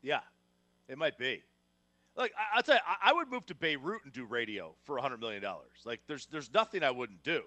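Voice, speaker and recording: A man from New Jersey co-hosting a casual sports talk show, emphatic and quick to restart his sentences. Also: medium pitch, very animated, pushed and bright, no echo. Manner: emphatic, repeats words when starting sentences. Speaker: sports radio co-host.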